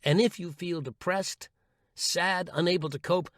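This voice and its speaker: A man's voice: sits high, unhurried, a bit bright, dry recording. Wry, dry-voiced man reading an essay. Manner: wry, sarcastic, playful delivery. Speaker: audiobook narrator and voice coach.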